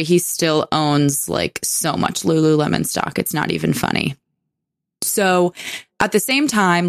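A young woman co-hosts a casual podcast, talking in a slightly low voice with a chatty, sarcastic edge. She laughs easily. The sound is dry and close, with no room around it. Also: clear, resonant tone, no echo. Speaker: podcast co-host. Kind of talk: casual chat.

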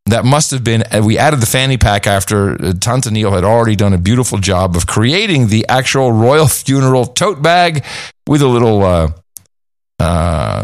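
Animated man co-hosting a podcast. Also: lowish voice, normal speed, dry recording, clean studio sound. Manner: animated, rambling with fillers. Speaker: podcast co-host. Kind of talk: casual chat.

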